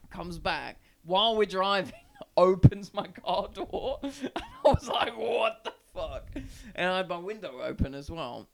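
A man's voice: high voice, background noise. A young man from South East London, a podcast guest, telling a rambling story in casual chat, swearing a lot and filling with "like". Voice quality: creaky. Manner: rambling, heavy swearing, lots of "like".

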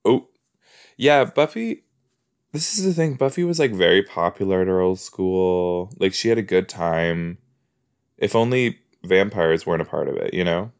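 A man's voice: low voice, animated, moderate pace, a little mellow, clean tone. A man hosting a podcast, giving casual solo reactions while he watches a TV episode. He chats, laughs at his own jokes and tosses out rhetorical asides.

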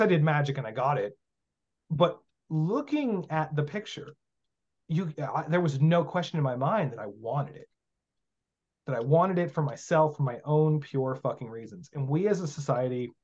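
A man with a fairly high voice talks bluntly and swears freely as a podcast guest, acting out back-and-forth exchanges as he goes. The recording sounds dull and a little lo-fi. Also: a little mellow. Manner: blunt, profane, acts out dialogue. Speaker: guest teaching magic. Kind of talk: casual podcast conversation.

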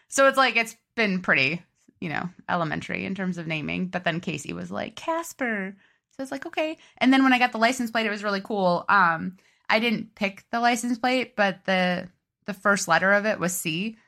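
A woman's voice: mid-range voice, brisk, creaky, pushed and bright. A young woman co-hosting a podcast, chatting in an easygoing, upbeat way. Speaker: podcast co-host. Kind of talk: casual chat.

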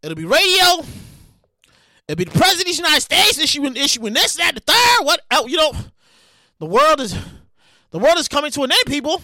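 A podcast host, heard as a woman, ranting excitedly, often stammering and repeating herself, sometimes shouting and making dramatic outbursts. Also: high-pitched, fairly quick, long pauses, no room sound. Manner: sound effects and dramatic outbursts. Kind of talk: excitable comedic rant.

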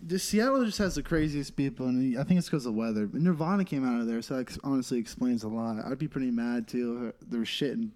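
A young man telling raunchy stories in a casual podcast chat, animated and profane, jumping into loud shouted quotes. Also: mid-range voice, fast, few pauses. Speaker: comedian guest.

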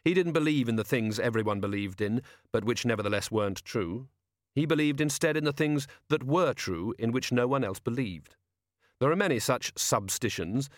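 A male narrator reads a novel aloud in a steady, measured way, his pitch sitting in the middle range. The recording is close and dry, with no room sound. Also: dry recording. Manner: even, measured reading. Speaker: audiobook narrator. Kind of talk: scripted narration.

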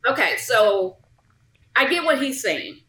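A woman co-hosting a casual chat over drinks, agreeable and lively. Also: on the high side, takes it slowly. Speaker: co-host. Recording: echoey room.

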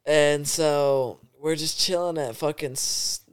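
A man's voice: on the high side, steady tone, slow, clear, resonant tone. A young man in his twenties, a podcast guest telling a rambling story full of swearing and laughter. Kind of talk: casual storytelling.

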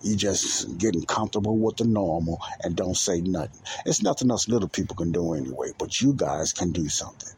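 A man's voice: low-pitched, lively intonation, brisk, few pauses, a little mellow, a little hiss or hum. A man, hosting a solo show and delivering an angry, preachy monologue that repeats its points and rises to emphatic outbursts. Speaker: podcast host.

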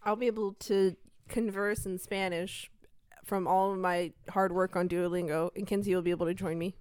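A woman's voice: on the low side, flat delivery, moderate pace, a little mellow, clean tone, dry recording. A woman co-hosting a podcast in casual chat, rambling, swearing and laughing often. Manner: rambling, giggly, profane. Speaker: podcast co-host. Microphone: podcast mic.

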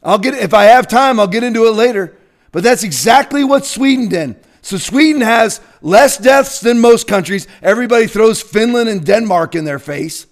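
High-voiced man ranting. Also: expressive, normal speed. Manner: combative, emphatic, bursts into shouting. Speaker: political commentator. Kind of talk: opinion rant.

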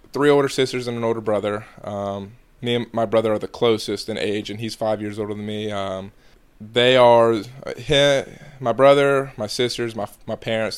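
Laid-back young man, flat low voice. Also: clear, resonant tone. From Georgia. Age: young adult. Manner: relaxed, halting, many fillers. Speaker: college baseball player, guest. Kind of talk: casual interview answers.

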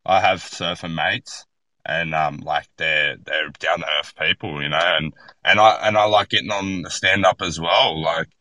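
On a casual podcast, a young Australian guest with a low-pitched voice tells animated stories, blunt and full of swearing. The audio is poor, though there's no echo.

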